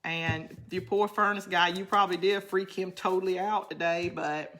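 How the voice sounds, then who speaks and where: A woman's voice: fairly low pitch, fairly even intonation, normal speed, a bit bright. A middle-aged woman hosts a casual craft livestream. She rambles chattily and answers viewer comments as she works. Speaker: craft channel host.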